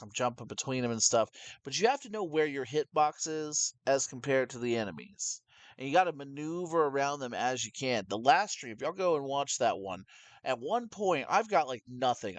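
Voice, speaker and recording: A young man co-hosting a casual gaming chat, rambling and animated, with many restarts. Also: mid-range voice, no room sound. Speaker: podcast co-host.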